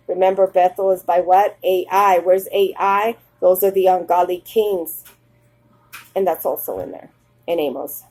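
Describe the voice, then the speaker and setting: Mellow-voiced woman reading scripture. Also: mid-range voice, steady tone, a little slow, low-quality recording. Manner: reads archaic verses then breaks into plain personal asides. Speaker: Bible teacher.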